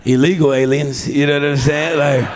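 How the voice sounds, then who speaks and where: On a comedy club stage in front of a live audience, a man riffs through an improvised stand-up set, crude and rowdy, laughing at his own jokes into a handheld mic. His voice sits on the higher side with a steady tone and normal speed, and there's slight background noise.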